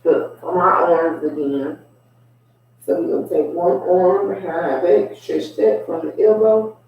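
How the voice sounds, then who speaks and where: A man's voice: on the high side, creaky, highs cut off, slight background noise. A man leading a home mobility workout, talking casually and unhurriedly as he coaches stretches. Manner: relaxed, unhurried coaching with asides. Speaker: fitness instructor. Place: room at home. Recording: echoey room, far from the mic.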